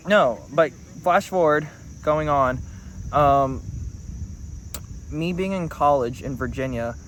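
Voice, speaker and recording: A man's voice: fairly high pitch, a little hiss or hum, rough recording. A young man from New Mexico with an American accent, telling a personal story in a rambling, self-correcting way. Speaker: vlogger. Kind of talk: casual talk to camera.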